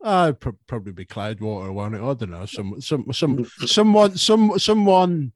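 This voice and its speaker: A man's voice: mid-range voice, very animated, normal speed, darkish tone, no room sound. Joking man on a podcast. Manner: rambling, jokey, stumbles and repeats. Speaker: podcast co-host. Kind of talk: casual banter.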